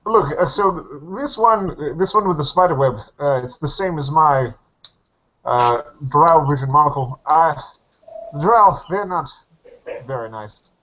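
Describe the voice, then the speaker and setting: A man's voice: a little high, animated, measured pace, a bit bright. A man playing a tabletop fantasy game, thinking aloud hesitantly with many fillers. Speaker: player. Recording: dull lo-fi recording.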